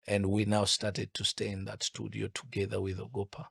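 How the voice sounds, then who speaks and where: Middle-aged guy from uganda telling his music story, gravelly voice, dry close sound, keeps restarting sentences. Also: lowish voice, little pitch movement, normal speed, a bit bright, no room sound. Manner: reflective storytelling with repeated restarts. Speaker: interview guest, musician. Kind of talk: casual interview chat.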